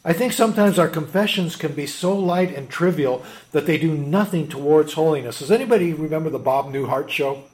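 A man preaching a sermon as a pastor, emphatic, swinging between loud urgency and hushed intensity. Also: a little high, brisk, few pauses.

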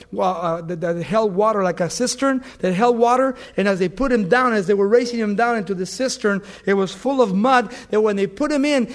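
A middle-aged man preaching a sermon, telling stories and swinging from loud emphatic bursts to soft hushed words. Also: high-pitched. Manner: storytelling with anecdotes, fillers and restarts.

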